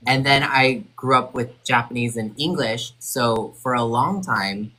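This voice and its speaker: A man hosting a casual group chat over a video call, animated and often laughing. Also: mid-range voice, a little slow, low-quality recording. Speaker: host.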